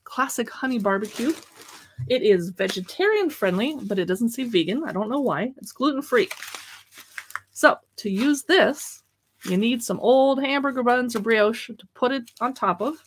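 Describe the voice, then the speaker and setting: Woman, casual live stream host, chatty, reads labels aloud, fairly high voice, home desk. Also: fairly bright tone.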